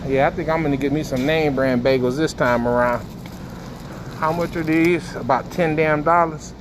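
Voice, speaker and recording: A man's voice: on the high side, steady tone, normal speed. A man vlogging casually in a supermarket, teasing and joking with strangers as he shops. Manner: teasing, playful, talks to passers-by. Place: indoor supermarket. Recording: noisy store background.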